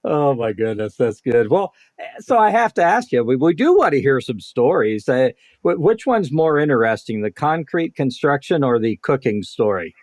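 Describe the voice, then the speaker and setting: A man's voice: mid-range voice, sing-song, normal speed, darkish tone, no room sound, studio quality. A man hosting a podcast, asking his guest questions with enthusiastic reactions. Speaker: podcast host. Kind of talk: interviewer chat.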